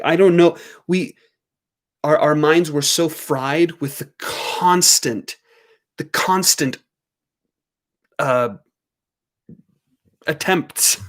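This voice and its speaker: A man hosting a livestream from home, chatting casually through a story. His voice sits a little high, and he laughs often and slips into squeaky voices for his dogs. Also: fairly bright tone. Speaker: livestream host.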